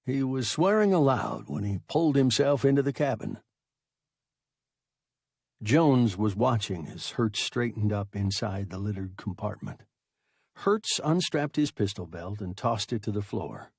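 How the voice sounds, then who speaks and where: A man narrating a science fiction story in a measured, scripted audiobook reading. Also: fairly low pitch, big pitch swings, creaky, a little mellow, breathy edge, no room sound, clean studio sound.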